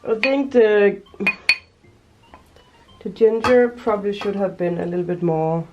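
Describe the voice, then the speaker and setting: A woman's voice: mid-range voice, unhurried, muffled recording, noisy background. A woman vlogging casually as she cooks, chatting and thinking aloud as she goes. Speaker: cooking vlogger. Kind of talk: casual cooking vlog.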